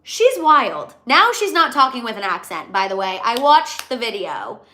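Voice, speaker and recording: A young woman hosting a casual celebrity gossip livestream, animated and gossipy, reading out viewer comments. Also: a little high, normal speed, a little hiss or hum. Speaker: gossip show host.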